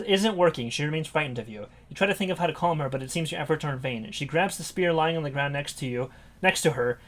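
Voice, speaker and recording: A man streaming, reading a text adventure aloud and reacting live, laughing often and swearing in surprise. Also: on the high side.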